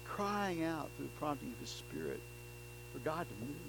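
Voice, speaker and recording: A man preaching a sermon, dropping to soft low passages and then rising into loud, emphatic declarations. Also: huge pitch swings, moderate pace, creaky, slight background noise, low-quality recording. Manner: swings between soft, low stretches and loud, emphatic bursts.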